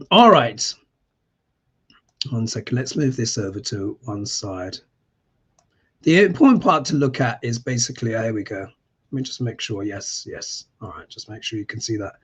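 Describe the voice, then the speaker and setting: A man hosting a casual live stream as an astrologer, talking in an animated, emphatic way and often clearing his throat. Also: medium pitch, moderate pace, long pauses.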